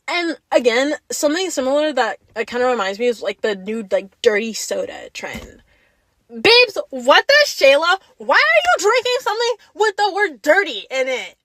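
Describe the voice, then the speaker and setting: A young woman ranting on her podcast in a sassy, chatty way, her high voice swooping up and down. The sound is close and dry, with no room around it. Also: no echo. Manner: animated, sassy, calls listeners babes. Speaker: podcast host. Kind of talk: casual solo podcast rant.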